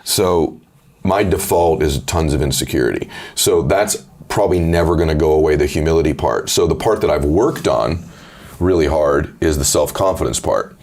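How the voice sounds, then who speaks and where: A middle-aged man with a deep voice, telling personal stories candidly and earnestly in a conversation. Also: normal speed, a little mellow. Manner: earnest, emotional, quotes others in his own voice. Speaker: podcast host and author.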